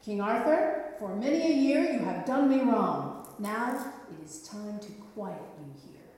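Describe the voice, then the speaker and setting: A mighty, vengeful knight with a booming, threatening voice, as a woman storyteller puts him on. He sounds set back from the mic in a long, echoing hall. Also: very animated, slow. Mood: menacing. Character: stern mighty male knight bent on revenge. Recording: echoey hall, mic far off.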